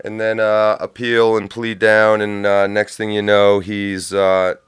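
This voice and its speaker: A man's voice: lowish voice, monotone, unhurried, clean tone, no echo, studio quality. A man hosting a livestream, delivering sardonic, profane political commentary full of absurd tangents. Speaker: livestream host.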